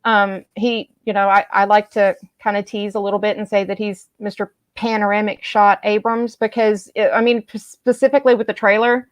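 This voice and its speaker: A woman in casual fan chat who tells stories in an animated way and acts out the people she quotes. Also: mid-range voice, moderate pace, few pauses. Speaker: live chat co-host.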